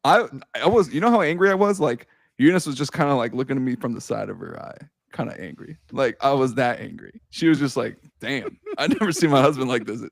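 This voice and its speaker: An excitable young man hosts a casual sports chat, laughing often and swearing freely. His voice sits in an ordinary middle pitch. The sound is dry and close, with no room around it. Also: a little fast, vocal fry, dry recording. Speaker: podcast host.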